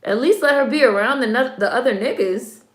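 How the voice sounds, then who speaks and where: A woman's voice: a little high, a little fast, roomy sound. A woman giving casual commentary while watching a film, chatty and wry, with slang asides. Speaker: film reaction vlogger.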